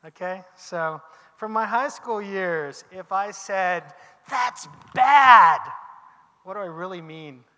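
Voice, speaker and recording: Bright, high-voiced male teacher, animated classroom lecture with reverb. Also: unhurried. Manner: lively, questions the class, emphatic exclamations.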